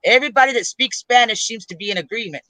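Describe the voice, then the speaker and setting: A man's voice: very high voice, fast, bright, forceful tone, no echo, low-quality recording. A middle-aged man speaking bluntly and plainly on a casual panel talk, often repeating himself.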